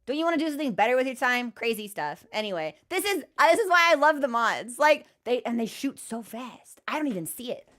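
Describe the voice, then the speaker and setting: A woman's voice: a little high, very animated, brisk, few pauses, a bit bright. A young woman streamer in casual chat, rambling with many fillers and restarts.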